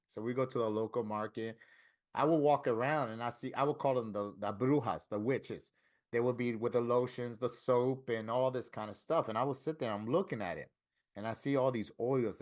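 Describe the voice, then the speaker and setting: Middle-aged man from Florida, mid-pitched voice, tattoo-artist guest, spins stories in a relaxed way and voices the people he quotes. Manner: lively storyteller who acts out quoted dialogue. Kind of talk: casual storytelling interview.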